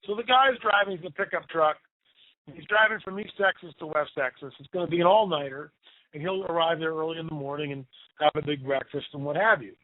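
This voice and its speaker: A man's voice: fairly high pitch, a little fast, no echo. Man telling eerie stories over a tinny phone line. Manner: animated, tells spooky stories with emphatic repetition. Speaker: radio guest storyteller. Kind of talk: casual storytelling on talk radio.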